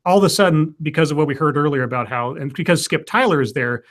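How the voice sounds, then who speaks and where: Male podcast co-host, slightly higher pitch, rambling casual plot recap. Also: fast talker. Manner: rambling retelling with fillers and restarts. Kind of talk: casual movie recap chat.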